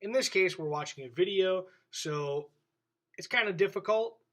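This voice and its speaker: A male teacher giving a video lesson to young children, speaking in a clear, friendly voice straight to the camera. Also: sits high, normal speed, fairly bright tone, low-quality recording. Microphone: camera in front of him.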